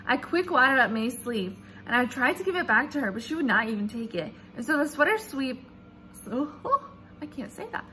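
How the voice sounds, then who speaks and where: A woman reads a children's chapter book aloud with expressive, animated storytelling. Her voice sits high and bounces through a wide range. The tone is bright and clear. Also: normal speed, slight background noise. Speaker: reader.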